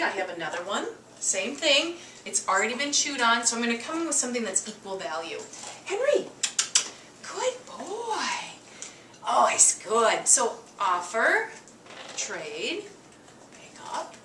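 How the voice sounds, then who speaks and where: In an echoey kitchen, picked up by a distant mic with background noise, a woman dog trainer demonstrates at home. Her mid-range voice stays chatty and upbeat, wandering into frequent asides throughout the casual lesson.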